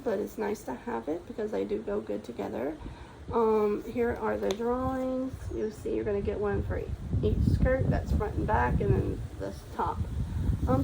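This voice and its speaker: Gravelly-voiced woman chatting about sewing. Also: on the high side, very noisy. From Texas. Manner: chatty, enthusiastic, many ums and trailing restarts. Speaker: sewing vlogger. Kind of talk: casual show-and-tell chat.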